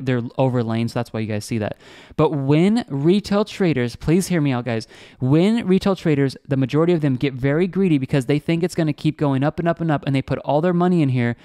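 A man's voice: mid-range voice, warm tone, clear, resonant tone, dry recording, clean studio sound. A man hosting an online channel, talking viewers through a chart in a casual, upbeat way, often calling them "guys" and checking in with "okay?". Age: adult. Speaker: online trading channel host.

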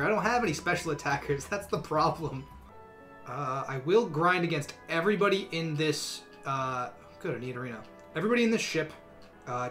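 Bright-voiced young male game streamer. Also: a little high. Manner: rambling, full of fillers. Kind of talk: casual gameplay commentary.

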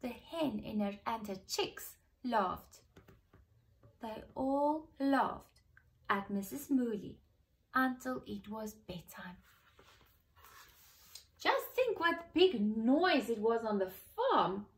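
Expressive woman reading a picture book aloud. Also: a little high. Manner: expressive, pauses to ask the listeners questions. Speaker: preschool teacher.

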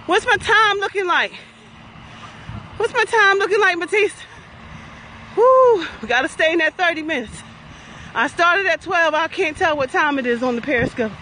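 A woman's voice: very high-pitched, animated, moderate pace, pushed and bright, slight background noise, low-quality recording. A middle-aged woman, live-streaming from her phone while out on a walk, upbeat and chatty and short of breath. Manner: upbeat, chatty, cheering herself on. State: out of breath from walking. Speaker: investment coach and vlogger. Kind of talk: live-streamed walking vlog. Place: outdoors on a walking path by a pond.

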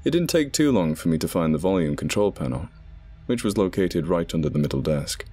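A man narrating a scripted horror story in a measured, dramatic way. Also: deep voice, lively intonation, dark tone, breathy edge. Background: background music.

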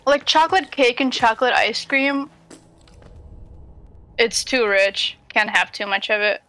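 A woman with a high, bright voice chatting casually beside a gaming host. She teases her friend and talks straight to the viewers in a lively, chatty way. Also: unhurried. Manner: teasing, chatty, talks to the chat. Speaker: guest co-streamer. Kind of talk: casual chat.

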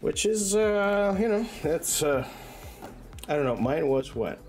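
A man's voice: a little high, animated, slow pace, darkish tone. A man streaming a game and chatting loosely with viewers, swearing freely and rambling through frequent restarts and fillers. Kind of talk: casual stream chat. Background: faint music.

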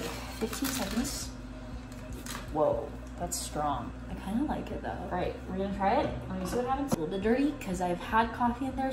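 Young woman vlogging at home, rambly and blunt, says "like" a lot, noisy clicky audio. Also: mid-range voice. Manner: chatty, rambling, full of "like" fillers, blunt and swearing. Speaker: YouTuber reviewing a product. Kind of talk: casual vlog chat. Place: room at home. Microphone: camera on a tripod. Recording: background noise with clicking sounds.

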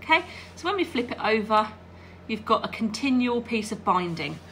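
High, bright-toned woman for a chatty sewing tutorial, working at her machine and asking the viewer to follow along. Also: sing-song, moderate pace, slight background noise. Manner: chatty, checks in with "all right?". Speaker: quilting teacher. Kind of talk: hands-on craft tutorial.

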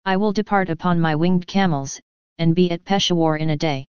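A woman voicing an Englishman disguised as a mad wandering priest, speaking in a loud, slow, proclaiming way. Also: on the low side, fairly even intonation, clean tone, no echo, dull audio, lightly acted. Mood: ranting.

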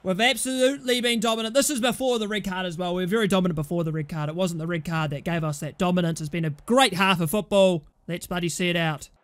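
A young man casually commentating his own football management game, chatting through results and shouting at goals and bad calls. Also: sits high, fast, hardly any pauses. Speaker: gaming YouTuber.

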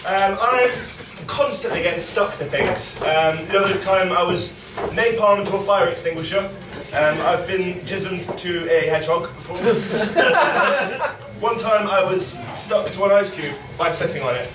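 A man's voice: high voice, animated, a little slow. A man performing live improv comedy on stage, playful and laughing often. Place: live comedy gig venue. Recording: echoey room, far mic, loud noise.

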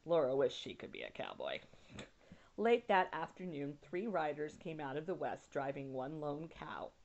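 A woman teacher at home, reading a children's novel aloud and pausing to explain words with casual asides. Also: low voice, very animated, a little mellow. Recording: dull lo-fi recording.

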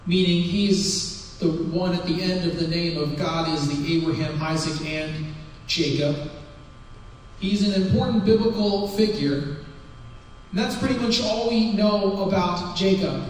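High-voiced man preaching in an echoey hall. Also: distant mic, a little hiss or hum. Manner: retells the story in a casual, conversational way. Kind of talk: sermon. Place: church sanctuary.

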